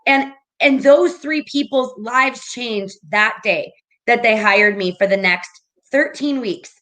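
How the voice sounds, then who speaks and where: A woman with a bright, forceful voice pitched a little high hosts a casual chat. She sounds upbeat and encouraging and often checks in with her listener. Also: takes it slowly. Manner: upbeat, encouraging, keeps asking "right?". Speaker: host, business coach.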